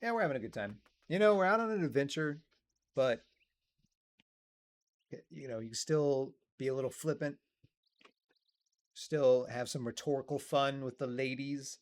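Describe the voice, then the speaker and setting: A man's voice: medium pitch, normal speed, long pauses. A man hosting a let's play, making wry, joking asides about a game in casual commentary. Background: faint game music.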